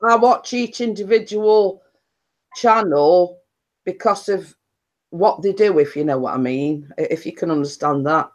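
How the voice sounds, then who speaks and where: A woman's voice: on the low side, unhurried. A woman being interviewed in a casual chat, speaking plainly and often asking "you know what I mean". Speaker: interview guest.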